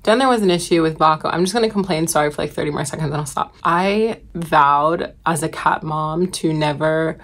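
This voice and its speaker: A woman's voice: low voice, a little fast, few pauses, a bit bright. A woman in her twenties, a medical student, talking casually and candidly to a handheld phone camera. She chats freely and fills her sentences with "like". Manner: chatty and candid, peppered with "like". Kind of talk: casual vlog chat to camera.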